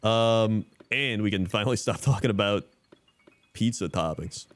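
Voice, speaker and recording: A man's voice: on the low side, normal speed. A man streaming live in casual chat, reading out usernames and laughing often.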